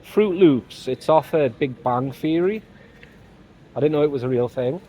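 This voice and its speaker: A man's voice: medium pitch, moderate pace, mellow. A man with an English accent chatting casually while out shopping, full of small exclamations. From England. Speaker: vlogger.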